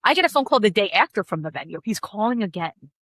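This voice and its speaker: Fast-talking blunt woman telling a story. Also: medium pitch, no room sound. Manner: animated, blunt, swears freely, acts out dialogue. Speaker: wedding coordinator guest. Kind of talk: casual storytelling chat.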